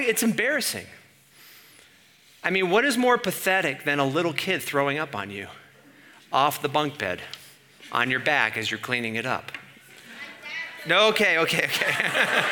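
A man preaching a sermon in an animated way, asking the room questions and building to emphatic peaks. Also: on the high side, normal speed, long pauses, a little hiss or hum.

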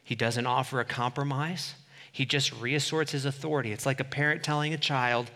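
A man preaching a sermon, swinging between loud, emphatic declarations and quiet asides. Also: mid-range voice, fairly even intonation, a little fast, big-room sound.

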